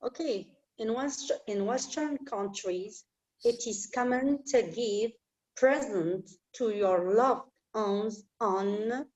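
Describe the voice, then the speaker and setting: A woman's voice: a little high, slow, a little mellow, rough recording. A woman reading aloud as a student in an online English class, careful and hesitant.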